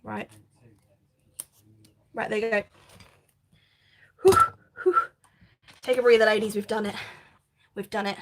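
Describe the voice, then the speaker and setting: A woman's voice: medium pitch, level tone, normal speed, long pauses, noisy background. A woman hosting a live crafting stream, chatting casually, reading viewer comments and laughing often. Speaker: craft channel host.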